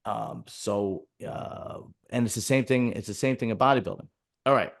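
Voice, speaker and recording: Blunt rambling man, lowish voice. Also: moderate pace, creaky. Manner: rambling, blunt, many restarts. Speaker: podcast host. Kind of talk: casual chat.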